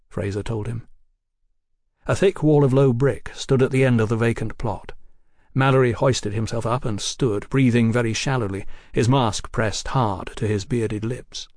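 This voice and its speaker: This scripted audiobook reading comes from a man speaking at medium pitch and steady, moderate speed. His storytelling is expressive, and the studio-quality recording has no room sound.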